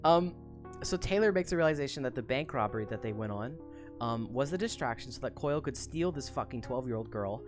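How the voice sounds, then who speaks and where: A young woman streamer retelling a book in casual chat, profane, rambling and animated. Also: rumbling low, brisk, over music.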